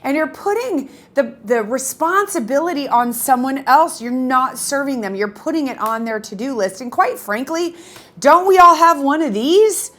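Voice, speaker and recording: A lively woman with a fairly high voice that swoops up and down as she coaches her audience. She talks to camera in a casual teaching style, emphatic and animated, and she is middle-aged. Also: moderate pace. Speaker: photography business coach.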